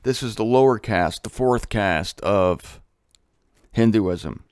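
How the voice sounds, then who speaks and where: A man hosting his own show, teaching in a casual, chatty way with jokey asides and animated emphasis. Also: on the low side, slow, clear, resonant tone, dry recording, clean studio sound. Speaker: host. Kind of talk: casual solo Bible teaching talk.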